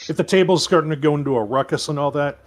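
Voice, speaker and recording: A man's voice: on the high side, fast. A man playing a tabletop game, talking casually. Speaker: player.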